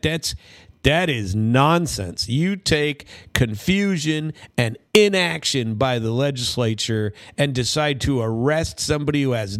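A man's voice: mid-range voice, no echo, clean studio sound. A male radio talk show host giving blunt, indignant commentary, cursing now and then and often restarting his sentences. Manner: frequent stammered restarts.

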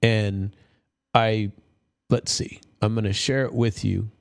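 A man's voice: fairly low pitch, little pitch movement, takes it slowly, vocal fry, no echo, studio quality. A male radio talk show host giving blunt, indignant commentary, cursing now and then and often restarting his sentences. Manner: frequent stammered restarts.

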